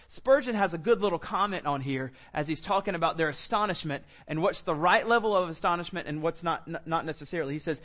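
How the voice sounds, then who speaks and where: A man's voice: sits high, a bit bright. A man preaching a sermon as pastor, talking in a loose, conversational way with fillers and repeated words.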